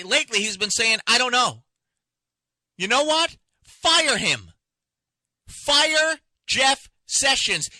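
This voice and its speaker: A man's voice: very high voice, bright, forceful tone, dry recording. A man hosting a talk radio show, delivering an impassioned, indignant monologue full of rhetorical questions from a radio studio. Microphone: studio microphone.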